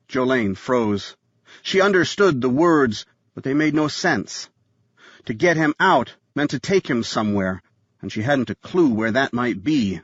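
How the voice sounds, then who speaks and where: A man reading a thriller audiobook in a scripted narration style, tense and measured. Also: medium pitch, animated, husky, no room sound, muffled recording.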